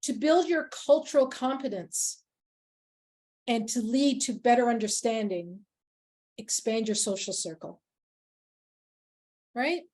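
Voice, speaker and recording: A woman's voice: a little high, slow pace, pauses often, darkish tone. A woman leading a workplace workshop who talks in an earnest, emphatic way and tells personal stories to make her points. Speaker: workshop facilitator. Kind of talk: workshop talk with personal anecdotes.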